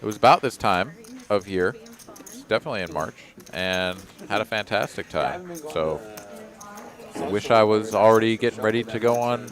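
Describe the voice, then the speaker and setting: A man doing live poker commentary, relaxed and joking, with promotional asides. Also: on the low side, moderate pace. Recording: busy card room crowd behind.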